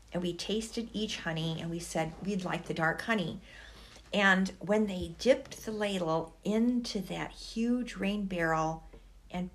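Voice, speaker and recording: Woman telling a story real slow and thoughtful, kinda low voice. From United States. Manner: slow, reflective, emotional. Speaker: guest. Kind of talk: personal storytelling.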